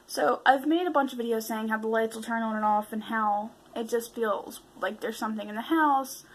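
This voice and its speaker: A woman's voice: fairly high pitch, moderate pace, low-quality recording. A woman vlogger telling a spooky story to camera in a chatty, casual way, with swearing and fillers. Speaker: paranormal vlogger.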